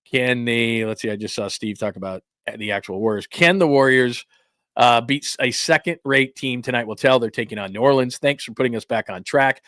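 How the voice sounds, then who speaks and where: A man's voice: mid-range voice, fairly quick, fairly bright tone, no room sound, clean studio sound. A man hosting a casual sports talk show, chatting with viewers in a rambling, self-interrupting way.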